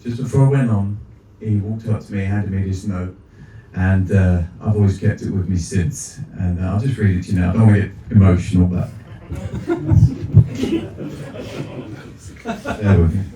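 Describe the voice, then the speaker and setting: A stand-up comic on a club stage, spinning deadpan, rambling bits at an unhurried pace. His voice carries across an echoey room from some way off the mic, with loud audience laughter around it. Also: low voice, recorded from a distance, a little hiss or hum. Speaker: stand-up comedian. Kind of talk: stand-up comedy set.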